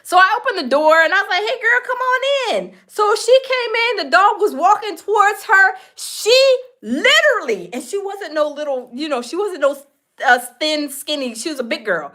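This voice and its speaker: A woman's voice: extremely high pitch, animated, moderate pace, pushed and bright. A woman hosting a celebrity gossip commentary, chatty and talking straight to her viewers with lots of fillers. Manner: chatty, addresses viewers directly with many fillers. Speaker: host.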